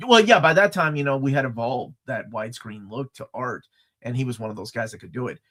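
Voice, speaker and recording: A middle-aged man co-hosting a casual live chat, animated and joking, often restarting his sentences. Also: mid-range voice, fairly quick. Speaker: co-host.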